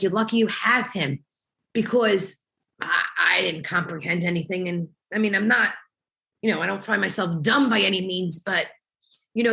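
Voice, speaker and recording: A woman's voice: mid-range voice, vocal fry, a bit bright. A woman in her thirties, a mother telling her family's story in an emotional, reflective testimony, often quoting what was said. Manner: emotional, reflective, quotes dialogue with small laughs. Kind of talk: personal testimony interview.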